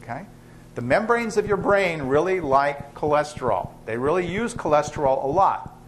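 A man's voice: a little high, expressive, normal speed, slight background noise. A man lecturing to students in a lecture hall, chatty and joking as he teaches. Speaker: biochemistry professor. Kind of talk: university lecture.

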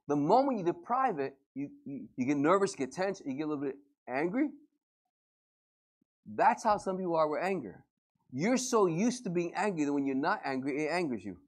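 A male pastor preaching a lively, joking sermon to a congregation and acting out everyday scenes. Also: fairly high pitch. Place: church service before a congregation.

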